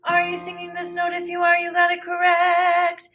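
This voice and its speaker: A woman vocal coach teaching a live online ear-training lesson. She has a phlegmy throat that she clears often, and she breaks into short sung demo phrases. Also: extremely high pitch, completely flat delivery, normal speed, fairly bright tone, soft background music.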